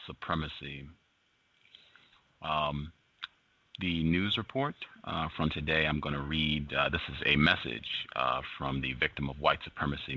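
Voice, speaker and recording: Deep-voiced man hosting a talk show. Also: sharp tone, dry recording. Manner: halting, with frequent fillers and emphatic repetition. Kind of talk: commentary on the news. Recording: dull lo-fi sound.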